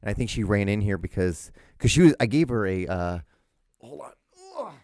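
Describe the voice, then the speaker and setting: A man talks in a loose, rambling podcast monologue from his home. He swears freely, stumbles over restarts, and gushes about his dog. His voice sits low and warm, and the sound is dry with no room echo. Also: expressive, normal speed. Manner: rambling, profane, frequent restarts and fillers; gushing affection for his dog. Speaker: podcast host.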